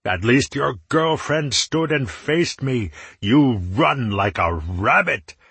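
A man voicing an arrogant, cruel swordsman villain who jeers and growls threats, in a low, husky voice. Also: moderate pace, a bit bright, dry recording, heavily acted. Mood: jeering. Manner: jeering, menacing.

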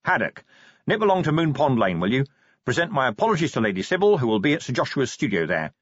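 A man's voice: mid-range voice, sing-song, quick pace, slightly rough, no room sound, lo-fi sound, pitched above the performer's own voice. A man playing a weary, blunt middle-aged city watch commander who grumbles his lines. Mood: gruff.

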